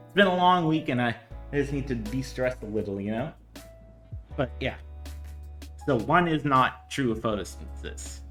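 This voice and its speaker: A man walks through chemistry problems on a casual stream, drifting into chatty asides and stumbling over fillers as he thinks aloud. His voice sits in a middling range and rings in a roomy space. Soft guitar music plays faintly underneath. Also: medium pitch, expressive, moderate pace, pauses often. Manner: rambling, hesitant with many fillers, chatty asides. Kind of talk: casual livestream lesson.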